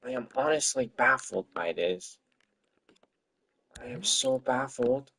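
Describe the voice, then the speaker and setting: A man's voice: mid-range voice, wildly swooping pitch, takes it slowly, gravelly, bright, forceful tone, slightly rough. A man streaming his game-development work, talking to himself in an exasperated, swearing rant. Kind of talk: livestream commentary while working.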